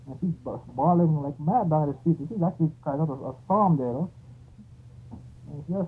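A man's voice: fairly high pitch, normal speed. A man telling a spoken anecdote in a rambling, conversational way, often restarting his sentences. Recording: tinny phone-like audio with faint noise.

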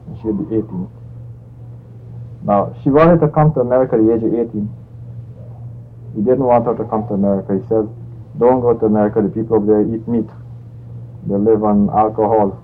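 A man telling a spoken anecdote in a rambling, conversational way, often restarting his sentences. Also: lowish voice. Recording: tinny phone-like audio with faint noise.

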